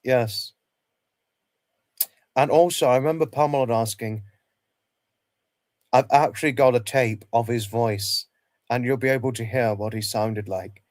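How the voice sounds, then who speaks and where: Halting man reminiscing on a dry mic. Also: mid-range voice, darkish tone, no room sound. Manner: halting, repeats himself, many restarts. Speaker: livestream host. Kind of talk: casual livestream reminiscing.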